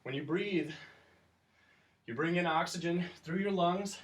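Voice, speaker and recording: Male teacher, somewhat high voice, kid-friendly workout instructor, slightly out of breath, distant mic. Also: measured pace, background noise. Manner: encouraging, counts down reps, explains as he exercises. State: breathing heavier from exercise. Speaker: teacher leading a class workout. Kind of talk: instructional exercise video.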